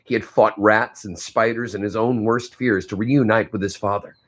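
Husky male teacher reading aloud. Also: on the low side, fairly even intonation, moderate pace, fairly bright tone. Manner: stops to comment on the story. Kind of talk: reading a novel aloud to a class.

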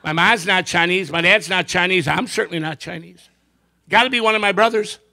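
A man doing a stand-up comedy routine before a live audience, telling jokes and slipping into quick character voices. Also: sits high, gravelly, bright, forceful tone. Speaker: comedian and magician.

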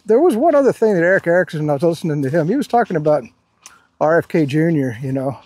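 A man's voice: on the high side, big pitch swings, fast talker, a little mellow, no room sound. A man chatting casually to his viewers in a loose, rambling way, full of fillers and restarts. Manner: rambling, hesitant, lots of fillers. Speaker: video creator.

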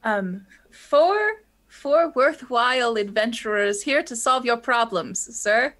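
A woman's voice: fairly high pitch, lively intonation, slow pace, a bit bright. A woman playing a tabletop game online with dry, mock-formal jokes. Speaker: player. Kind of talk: playful in-character banter.

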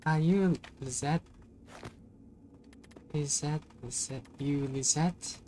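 A woman voicing an eerie mysterious stranger in a horror game, speaking hushed, slow and insistent. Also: low-pitched, slight background noise. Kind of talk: reading game dialogue aloud.

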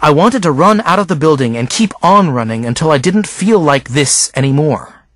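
A man narrating a novel in the first person as an audiobook reader, with an expressive, unhurried delivery. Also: on the high side, no room sound.

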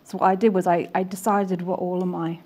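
A woman's voice: lowish voice, little pitch movement, fairly quick, a little mellow. Woman as a craft-show demonstrator, casual and chatty, talking through her sewing. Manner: chatty, self-deprecating, explains while sewing. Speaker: quilting demonstrator.

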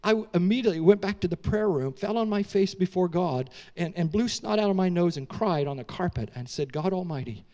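A middle-aged man preaching from the pulpit in a high, bright voice. He tells a story in an animated and emotional way, and he drops casual, slangy asides to his listeners as he goes. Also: fairly quick, hardly any pauses, lo-fi sound. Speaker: pastor. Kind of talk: storytelling sermon.

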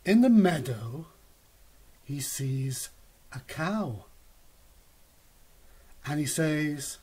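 A man reading a picture book aloud to a child in a slow, animated storytelling manner. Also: fairly high pitch, breathy edge. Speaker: reader.

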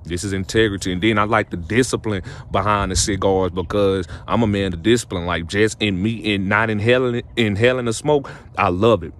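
There's slight background noise as a young adult man with a lowish, steady voice talks briskly, with few pauses. He addresses the camera with casual motivational relationship advice, preachy and repetitive, rising to emphatic peaks.

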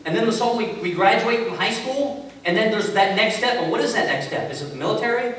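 High-voiced pastor in an echoey hall. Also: male voice, animated, fast talker, a bit bright. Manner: conversational storytelling with self-mocking humor. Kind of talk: sermon. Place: large echoey church sanctuary. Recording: echoey hall from far off with faint hiss.

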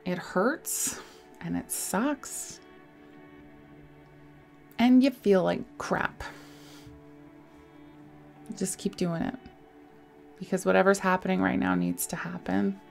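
A woman giving a casual tarot reading into a desk microphone, soft and reassuring, with sighs and small laughs. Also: medium pitch, slow, creaky, long pauses, soft background music. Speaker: tarot reader.

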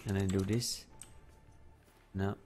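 A man's voice: low-pitched, flat delivery, slow, darkish tone, soft background music. A man giving live game commentary, talking to himself, exclaiming and joking in broken English. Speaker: gameplay streamer. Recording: faint keyboard typing in background.

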